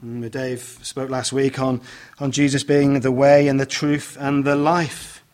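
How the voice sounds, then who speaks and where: A man preaching a sermon, speaking in a measured way with many "uh" fillers and restarts as he reads scripture aloud and explains it. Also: mid-range voice, level tone, a little mellow.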